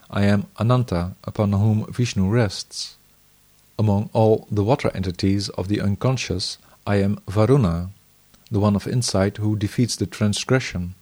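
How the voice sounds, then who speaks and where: Low-voiced man reading scripture slowly. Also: darkish tone. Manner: measured, in short phrases. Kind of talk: scripture reading in first person.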